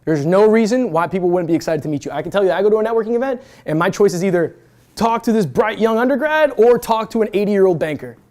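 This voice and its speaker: A young man in his twenties is talking fast to a room of students, his pitch jumping all over. He is brash and pumped up, and he swears freely as he coaches them. It is a lively motivational talk from a guest speaker. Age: 20s. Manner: energetic, brash, casual with swearing. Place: university event room.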